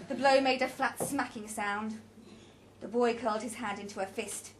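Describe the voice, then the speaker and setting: A woman narrating a story in an even, measured reading voice. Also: a little high. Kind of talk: audiobook narration.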